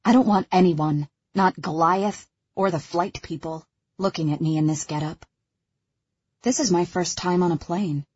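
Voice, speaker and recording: A woman narrating an audiobook in the first person, with a husky voice and an even, measured reading. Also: lowish voice, highs cut off.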